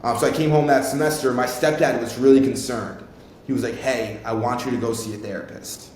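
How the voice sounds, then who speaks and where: A young man in his twenties, a podcast host, tells a rambling, informal personal story and swears freely. His voice is darkish, with fairly even intonation and a slightly fast pace. The room is very echoey, with a faint rumble.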